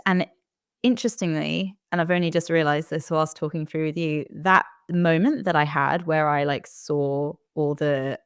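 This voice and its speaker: Low-voiced woman, smooth. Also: no echo, clean studio sound. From United Kingdom. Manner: candid, reflective storytelling. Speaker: interview guest. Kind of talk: casual interview conversation.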